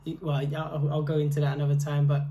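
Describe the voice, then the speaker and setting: A young woman co-hosting a podcast, telling stories in a casual, animated and slangy way. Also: deep voice, fast. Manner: animated, slangy, playfully exasperated. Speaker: podcast co-host. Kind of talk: casual storytelling chat.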